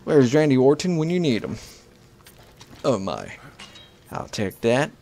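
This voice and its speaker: A man's voice: mid-range voice, very animated, measured pace, long pauses, mellow. A man giving casual, joking gameplay commentary, swearing freely and talking back to the characters on screen. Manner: profane, joking, talks back to the game. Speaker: video game let's player.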